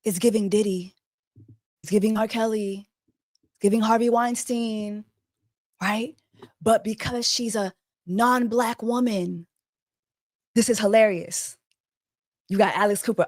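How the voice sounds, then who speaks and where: A woman's voice: mid-range voice, steady tone, unhurried, pauses often, darkish tone, dry recording, studio quality. A woman hosting a casual commentary video, emphatic and profane, repeating her points. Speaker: host.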